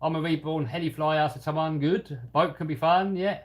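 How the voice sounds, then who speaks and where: A man with a voice on the high side and fairly even intonation speaks at a moderate pace. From England, with a light London-area accent touched by Cockney, he hosts a hobby live stream and chats about viewer comments casually, often at his own expense.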